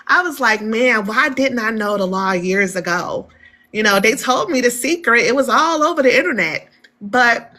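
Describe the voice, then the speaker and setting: A woman in a casual spiritual discussion, speaking in a candid, animated way and often laughing. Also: medium pitch.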